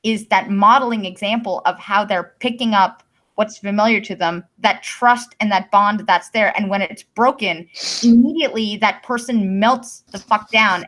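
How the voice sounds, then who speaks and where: A woman's voice: medium pitch, fairly bright tone, rough recording. A woman from Canada hosting a live-stream podcast, explaining her views at length in casual talk with casual swearing. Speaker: podcast host.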